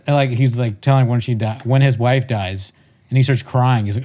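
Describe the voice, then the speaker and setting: Man, podcast co-host, casual and rambling, profane, laughs easily, mid pitch. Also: steady tone, fairly quick, mellow. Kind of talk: casual chat.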